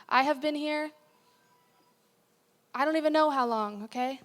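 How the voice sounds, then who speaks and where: A woman's voice: sits high, a little slow, fairly bright tone. A young woman giving a casual, chatty sermon as a guest speaker, with many fillers. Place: church hall. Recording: long hall reverb.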